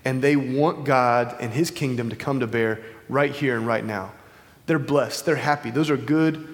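A man's voice: mid-range voice, normal speed. A man giving an informal sermon in a casual, conversational way with many fillers and restarts, speaking into a wireless microphone. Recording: long hall reverb.

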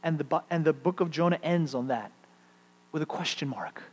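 A middle-aged man preaching a sermon, shifting between loud emphatic peaks and hushed, quiet stretches. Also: on the high side, a little fast, slightly rough. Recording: long hall reverb, faint mains hum.

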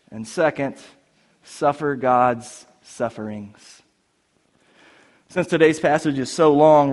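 A man's voice: mid-range voice, a little mellow. A pastor preaching a sermon to his congregation, conversational and playful, with humorous asides. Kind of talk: sermon with prayer. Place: church sanctuary before a congregation.

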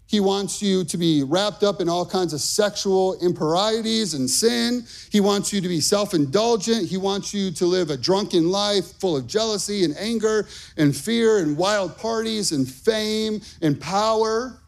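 High-voiced man preaching with fervor. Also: a little slow, vocal fry, hardly any pauses. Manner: impassioned, emphatic preaching with rising shouts. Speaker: pastor. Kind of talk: sermon.

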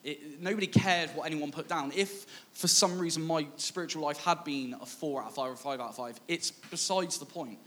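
A man's voice: fairly high pitch, fairly quick, few pauses, fairly bright tone. A man preaching a sermon, in a conversational, self-mocking way that acts out past dialogue. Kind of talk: sermon with personal storytelling.

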